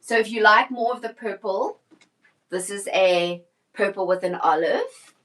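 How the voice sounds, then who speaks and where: A woman's voice: medium pitch, measured pace, a bit bright, poor audio. A middle-aged woman, a personal stylist, chatting casually on a live shopping stream, answering viewer questions and often restarting her sentences.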